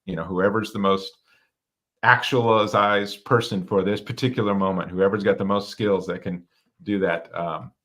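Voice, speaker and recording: A man's voice: on the low side, steady tone, normal speed, fairly bright tone. A man co-hosting a podcast, speaking reflectively and thinking ideas through aloud. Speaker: podcast co-host. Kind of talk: casual discussion.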